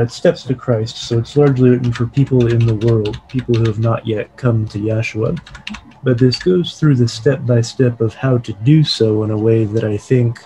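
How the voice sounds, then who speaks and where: A man's voice: mid-range voice, a little hiss or hum, low-quality recording. Man leading an online Bible study. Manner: reads quoted passages aloud, then explains them calmly. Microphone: video call.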